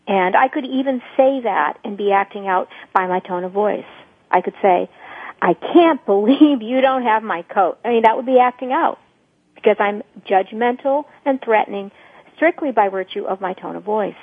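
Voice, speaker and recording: A woman working as a couples therapist, explaining and acting out examples of anger in a lively, teaching way. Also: medium pitch, moderate pace, husky, dry recording. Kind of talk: radio talk. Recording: dry phone-line radio sound.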